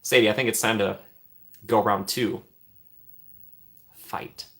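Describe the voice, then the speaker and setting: A young man hosting a casual live stream, chatting with viewers, laughing often and trailing off into soft mumbles. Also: lowish voice, steady tone, slow pace. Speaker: livestream host.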